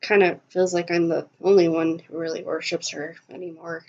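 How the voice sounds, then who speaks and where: Woman playing a bashful, stammering young male cleric, lively pitch, slow delivery, muffled lo-fi audio. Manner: stammering, repeats words. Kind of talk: voice chat role-play.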